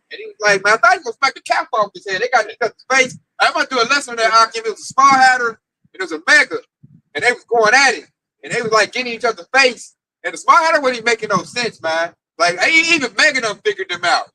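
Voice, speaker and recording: A man leading an informal religious teaching at a camp, excitable and telling stories with quoted voices. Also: very high-pitched, quick pace, poor audio.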